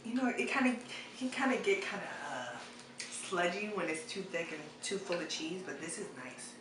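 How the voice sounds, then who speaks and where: A woman's voice: lowish voice, lively intonation, moderate pace. A woman chatting loosely on camera at home, heavy on fillers and slang. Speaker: cooking vlogger. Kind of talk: casual on-camera chat. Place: home, eating soup. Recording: echoey room with background noise.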